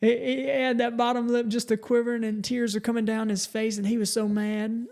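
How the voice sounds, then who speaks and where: A man's voice: very high voice, level tone, brisk, vocal fry, a little mellow. A middle-aged man, hosting a podcast and giving a folksy motivational talk, often restarting his words. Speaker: podcast host.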